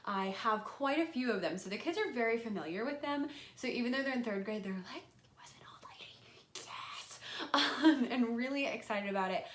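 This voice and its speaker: Lively, upbeat woman music teacher. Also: brisk, few pauses, echoey room, a little hiss or hum. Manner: enthusiastic, acts out her classroom voice with big pitch jumps. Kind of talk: casual explanation of a classroom lesson.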